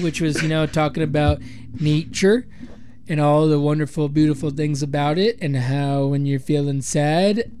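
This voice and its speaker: A man's voice: fairly high pitch, darkish tone, a little hiss or hum. A man co-hosting a podcast in casual, joking, rambling chat. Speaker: podcast co-host.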